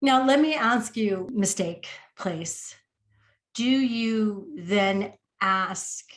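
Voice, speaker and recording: A woman podcast host in an interview, unhurried and supportive, often affirming her guest. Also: on the low side, fairly even intonation, echoey room. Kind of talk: conversational interview.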